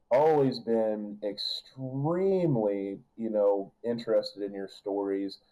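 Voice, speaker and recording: A man's voice: lowish voice, dark tone, poor audio. A man narrating a tabletop game as game master, rambling with restarts and filler words.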